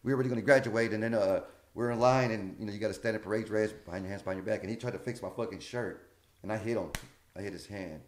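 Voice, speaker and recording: A man with a lowish voice talks very fast, a comedian guest spinning casual stories. He's animated, swears freely, and acts out the quoted dialogue himself.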